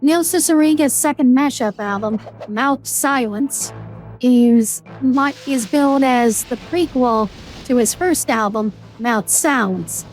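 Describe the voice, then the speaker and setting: High-pitched woman on a game stream, chatty, explaining stuff, soft game music behind. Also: slow. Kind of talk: casual gaming stream commentary.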